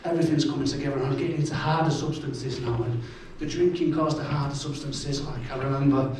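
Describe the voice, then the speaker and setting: A man's voice: mid-range voice, fairly even intonation, fast talker, a little mellow, slight background noise. A middle-aged man with a Salford accent, telling blunt, self-mocking stories in a live stand-up set in a pub. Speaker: stand-up comedian. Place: pub function room with audience. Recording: echoey pub room, mic from far off.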